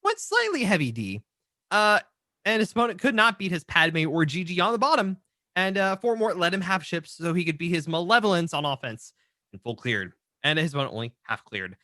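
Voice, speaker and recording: A man co-hosting a casual game-stats show, reading results with animated, teasing banter. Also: high voice, brisk, no room sound, studio quality. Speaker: co-host.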